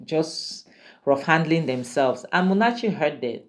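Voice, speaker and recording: A woman retelling a drama series in a relaxed, gossipy way. Her voice sits low, and she throws in exclamations and opinions as she goes. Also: unhurried. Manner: chatty and opinionated, with exclamations and asides. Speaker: drama reviewer. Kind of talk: casual spoken recap of a drama series.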